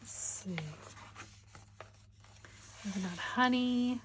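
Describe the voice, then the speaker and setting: A woman's voice: fairly high pitch, drawn-out words, slight background noise. A woman chatting casually in a crafting vlog, rambling and giggly while she shows off her finds. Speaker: crafting vlogger. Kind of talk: casual show-and-tell chat.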